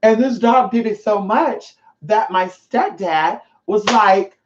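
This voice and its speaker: A woman vlogger spins a story straight to camera, loose and profane, forever calling her viewers y'all. Her pitch leaps up whenever she hits a point. The sound is a little dull and lo-fi. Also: slow, background noise. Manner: profane, chatty, keeps addressing viewers as y'all; animated, pitch jumps up for emphasis.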